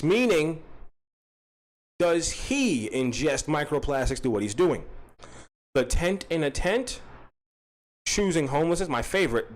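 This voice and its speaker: A man's voice: mid-range voice, rough recording. A man hosting a casual livestream, talking in loose, profane, self-mocking banter with frequent restarts. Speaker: livestream host.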